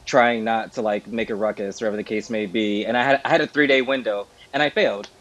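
Animated, self-mocking man chatting. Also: fairly low pitch, fast, lo-fi sound. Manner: animated, self-deprecating storyteller. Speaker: podcast co-host. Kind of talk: casual chat.

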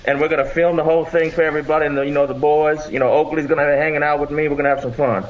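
A man playing a stiff, rambling male fishing champion on a comedic call-in, halting and deadpan. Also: a little high, natural voice. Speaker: caller impersonating a bass fishing pro. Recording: dull lo-fi audio with crowd noise.

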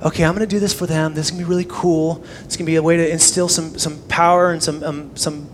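A young man preaching a sermon, animated, swinging from loud emphasis to hushed near-whispers. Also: on the high side, fast talker, slight background noise. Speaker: pastor.

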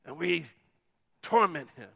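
A middle-aged man preaching a sermon as pastor, telling a story and swinging between hushed, quiet lines and loud, emphatic ones. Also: a little high, expressive, a little slow, creaky, no echo, clean studio sound.

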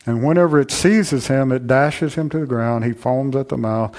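A man preaching a sermon to his congregation, shifting between loud, fervent passages and low, intimate asides, often repeating "I'm telling you". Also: normal speed. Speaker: pastor.

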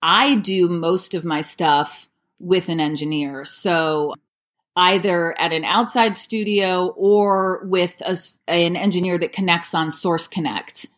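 A woman's voice: lowish voice, slow, a bit bright. A woman in her thirties, an audiobook narrator, answering interview questions in a chatty way with many "like" fillers.

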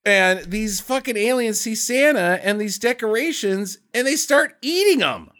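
A man co-hosting a casual podcast chat about a movie, animated, swearing and laughing often. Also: sits high, measured pace. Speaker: podcast co-host.

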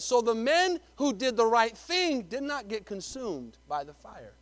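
A man preaching from the pulpit. His voice sits very high for a man, and he swings between loud, punchy lines and quiet, hushed asides, often repeating words as he builds his point. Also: very animated, measured pace, dry recording. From Texas. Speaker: pastor. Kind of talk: sermon.

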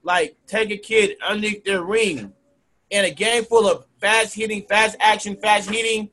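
Rambling male ref and teacher, high voice, full of likes and you knows, casual interview guest. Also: fairly even intonation, unhurried, bright, forceful tone. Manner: rambling, heavy use of "like" and "you know". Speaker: youth football referee and teacher.

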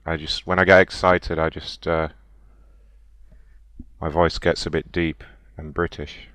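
A man's voice: very deep voice, little pitch movement, unhurried, fairly bright tone, no echo. A man playing a fake twenty-five-year-old woman on a prank call, breathily overacting lust and insisting he is a woman. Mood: insistent. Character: fake 25-year-old woman whose voice turns deep and British.

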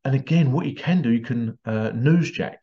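Male podcast host, mid-pitched, chatty digressive monologue, throws in sound effects, slightly muffled audio. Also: moderate pace. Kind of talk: casual rambling monologue.

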